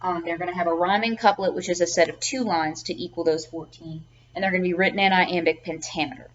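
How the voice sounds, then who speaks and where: Lower-pitched woman teaching a lecture. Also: fairly even intonation, fast talker. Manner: repeats words, frequent ums, checks with "okay?". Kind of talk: classroom lecture. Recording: dull lo-fi recording with faint background noise.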